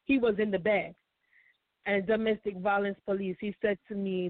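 A woman's voice: mid-range voice, level tone, normal speed, no echo. A woman guest telling her personal story in an interview, emotional and repetitive. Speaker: guest author. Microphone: phone call. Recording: tinny dry phone line.

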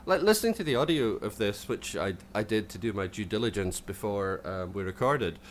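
A man with a Scottish accent chatting casually on a podcast, self-deprecating and quick to laugh, with lots of restarts. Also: lowish voice, animated, a little hiss or hum. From Scotland. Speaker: podcast co-host.

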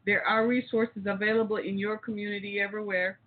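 A woman's voice: mid-range voice, level tone, fast, slight background noise. A woman hosting a talk show, delivering a rousing, preachy monologue straight to her listeners. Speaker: host. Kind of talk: impassioned call-in radio monologue. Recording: tinny phone-like audio.

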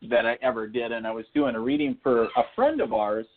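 A man, a spiritual medium, telling funny stories on a talk show in a lively, laughing way. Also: medium pitch, brisk. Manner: animated, laughing anecdotes with acted-out quotes. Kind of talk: casual storytelling on a call-in show. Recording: phone-line audio.

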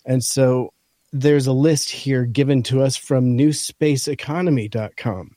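Male podcast co-host, scratchy and mellow, reads an article aloud point by point, dry close sound. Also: medium pitch, steady tone, a little slow, no echo. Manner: talks through a list point by point. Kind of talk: casual chat, reading from an article.

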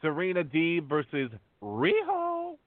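A man's voice: a little high, wildly swooping pitch, no echo. Guy co-hosting a podcast, lots of ums and uhs, tinny phone line, dry sound. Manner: halting, many fillers while reading names. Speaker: podcast co-host. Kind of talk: casual podcast chat.

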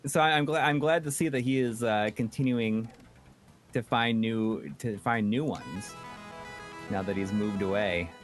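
A man's voice: lowish voice, measured pace, soft background music. A man co-hosting a casual chat show, reading out donations, rambling with many fillers and restarts. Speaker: podcast co-host reading donations.

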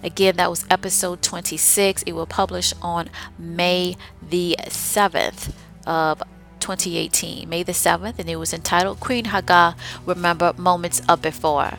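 A woman's voice: fairly low pitch, little pitch movement, moderate pace, a bit bright, soft background music. A woman hosting a podcast, recapping her own short stories in a chatty, enthusiastic way with frequent asides to the listener. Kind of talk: casual recap.

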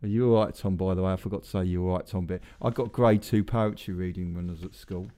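A man's voice: low voice, fairly even intonation, quick pace, warm tone, clean tone. A man hosting a podcast, chatting casually in a rambling way with self-deprecating asides. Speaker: podcast host. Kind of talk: casual chat.

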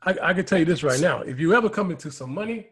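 Blunt, animated man on a podcast. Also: fairly high pitch, quick pace, husky. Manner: blunt, repeats himself for emphasis. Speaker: podcast co-host. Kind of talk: casual chat.

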